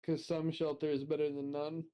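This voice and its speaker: A man's voice: a little high, monotone, moderate pace, warm tone. A man playing a tabletop game casually, talking hesitantly with many fillers and restarts. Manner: hesitant, filler-heavy, laughs easily. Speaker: player.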